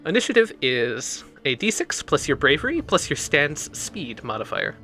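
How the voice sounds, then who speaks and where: Bright, animated male game master. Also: a little high, normal speed, faint music behind. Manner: animated, laughs between lines. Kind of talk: narrating a tabletop game.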